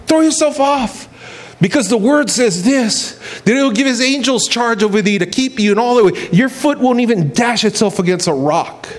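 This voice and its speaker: A man's voice: extremely high pitch, lively intonation, moderate pace, pitched above the performer's own voice. A male preacher voicing the devil as a sly, coaxing tempter in a sermon retelling. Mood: taunting. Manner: coaxing, taunting.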